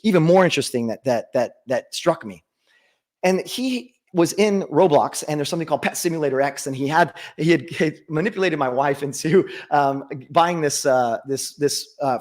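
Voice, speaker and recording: A middle-aged man giving a conference talk with a personal story, earnest and full of restarts and fillers, into a stage microphone. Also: a little high. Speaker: conference speaker.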